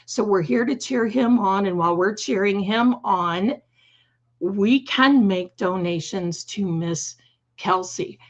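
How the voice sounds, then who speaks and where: A slightly hoarse woman hosting a live stream, chatting fondly with viewers and calling them her darlings. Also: medium pitch, slow. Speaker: livestream host. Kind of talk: casual livestream chat.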